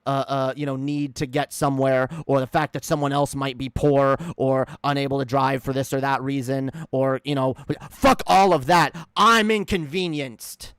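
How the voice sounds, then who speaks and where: Dude ranting on stream, cursing a lot, smooth kinda high voice, super dry sound. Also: male voice, fairly even intonation, normal speed, few pauses, a bit bright, no room sound. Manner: profane, heated, rambling with restarts. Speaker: streamer reacting to a video. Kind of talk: ranting reaction commentary.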